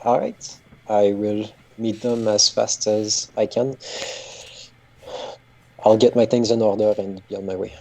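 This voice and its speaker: A man's voice: lowish voice, little pitch movement, unhurried, pauses often, a little mellow, poor audio. Joking man with a Quebecois accent. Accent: Quebecois French. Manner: joking, profane, playing a bard in a French accent. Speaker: player. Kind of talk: tabletop role-play chat.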